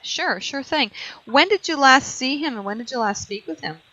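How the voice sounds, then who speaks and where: A woman's voice: high voice, animated, normal speed, sharp tone. A woman hosting a call-in psychic show, chatting casually with plenty of fillers and frequent laughs. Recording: muffled lo-fi online radio audio.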